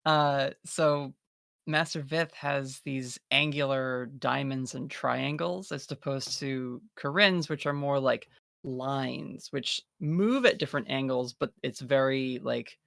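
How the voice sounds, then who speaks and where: Rambling man with a gravelly voice. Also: mid-range voice, slow, fairly bright tone, no room sound, clean studio sound. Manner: rambling, filler-heavy, laughs easily. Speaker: player. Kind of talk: describing a character in a tabletop game.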